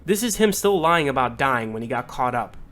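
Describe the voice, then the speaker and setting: A man calmly reading out a message exchange and adding matter-of-fact commentary. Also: mid-range voice, a little fast, faint music behind. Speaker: commentary youtuber.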